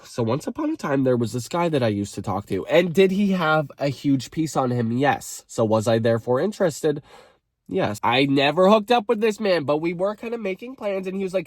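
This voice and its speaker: A young man with a bright, high speaking voice runs a comedic storytime, reading viewers' stories aloud and breaking in with sassy asides and mock outrage. The recording is close and dry, with no room sound around him. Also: lively intonation, a little fast, no room sound. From Canada. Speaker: storytime creator.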